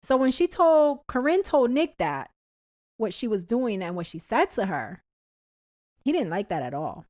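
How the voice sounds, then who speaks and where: Forceful woman co-host on a podcast, chimes in a lot, dry close recording. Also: a little high, big pitch swings, measured pace, no room sound. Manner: forceful, agreeing loudly with short interjections. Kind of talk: casual chat.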